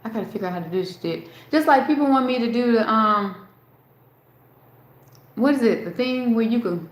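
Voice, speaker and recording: A woman's voice: fairly high pitch, expressive, a little fast, pauses often, lo-fi sound. A woman hosting a casual live stream, rambling and talking straight to her chat, swearing freely. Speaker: livestream host. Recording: roomy echo.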